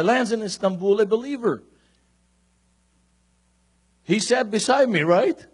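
A man preaching a sermon, reading scripture and telling personal stories in an increasingly animated, emphatic way. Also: high voice, husky. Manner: storytelling, grows more animated and emphatic.

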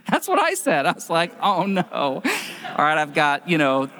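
Animated man preaching in a reverberant hall. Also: on the high side, a little slow. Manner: conversational, animated storytelling with quoted asides. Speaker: pastor. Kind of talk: sermon.

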